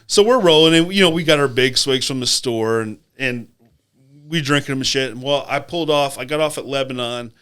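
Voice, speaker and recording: A man's voice: medium pitch, a little fast, a bit bright, clear, resonant tone. A man co-hosting a casual podcast, telling trucking stories in a profane, rambling way and laughing as he goes. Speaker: podcast co-host, truck driver. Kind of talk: casual storytelling chat.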